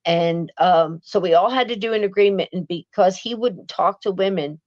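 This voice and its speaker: A woman's voice: on the low side, moderate pace, darkish tone, no room sound, dull audio. A woman telling a paranormal story in casual chat, restarting often and acting out what others said. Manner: chatty, acts out quoted voices, frequent restarts. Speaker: guest, paranormal author.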